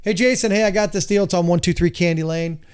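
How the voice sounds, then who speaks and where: A casual, vague novice investor who sounds hopeful and pitches his deal loosely, as a man puts him on. The voice runs fairly high and clear. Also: fairly even intonation, quick pace, close to an everyday voice.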